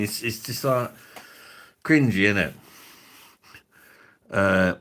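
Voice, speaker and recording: A man's voice: deep voice, moderate pace, a bit bright. A man hosting a casual online livestream, swearing freely and bantering with viewers he greets by name. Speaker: livestream host.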